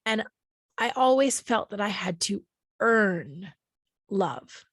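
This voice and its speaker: A woman hosting a podcast, talking gently and with emotion about her own healing, sometimes slowing to soothing, drawn-out phrases. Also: medium pitch, expressive, no echo. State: emotional, near tears. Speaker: podcast host. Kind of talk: reflective personal talk on healing.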